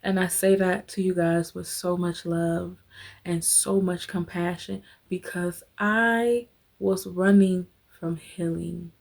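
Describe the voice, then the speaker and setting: A woman's voice: fairly low pitch, fairly even intonation, slow pace, creaky, a little mellow. Emphatic woman host giving a motivational talk. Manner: emphatic, preacher-like, addresses listeners as honey and y'all; guides listeners through a visualization.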